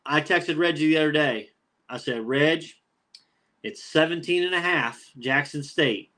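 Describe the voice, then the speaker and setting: A man, co-hosting a casual sports podcast. His voice sits a bit higher than most men's, and he trash-talks with animated, teasing energy. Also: unhurried. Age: 30s. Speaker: podcast co-host.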